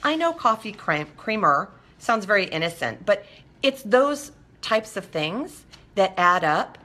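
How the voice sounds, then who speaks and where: A woman hosting a talk show, her voice bright and forward, with a wide, lively swing in pitch. She talks in a chatty way and acts out quoted exchanges. She keeps asking her listeners whether they follow. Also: a little slow. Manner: animated, acts out little dialogues in quotes; conversational, checks in with listeners. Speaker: host. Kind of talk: talk show monologue on recovery.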